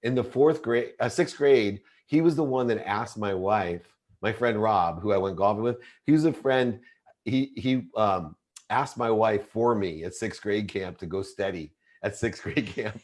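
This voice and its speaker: As a podcast guest, a middle-aged man tells a personal story intensely and confessionally in a slightly low, darkish voice, speaking a little slowly. He frequently breaks off mid-sentence and begins again.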